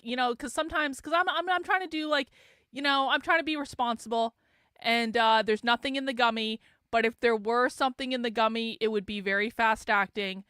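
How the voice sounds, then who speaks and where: A woman's voice: a little high, fairly bright tone, smooth, no echo, studio quality. A woman hosting a livestream, chatting casually and joking with her viewers. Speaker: livestream host.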